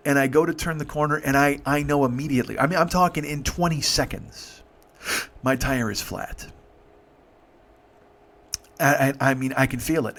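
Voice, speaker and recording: A man's voice: on the high side, a bit bright. A man in his fifties telling a comedic story in a rambling, profane way with many restarts. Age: 50s. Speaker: comedian host.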